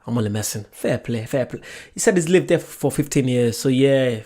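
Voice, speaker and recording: A man's voice: mid-range voice, a little fast, dark tone. A man hosting a reaction video, chatting casually and enthusiastically.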